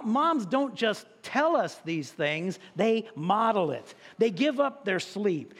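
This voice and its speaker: A man preaching a sermon as pastor, with animated delivery and drawn-out emphasis on key words. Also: high voice. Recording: long reverb in a large hall.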